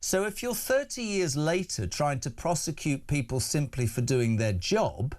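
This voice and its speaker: A man's voice: a little high, expressive, unhurried, darkish tone. A man hosting a live radio phone-in from a studio, chatty and reading listener messages aloud with frequent "uh" fillers.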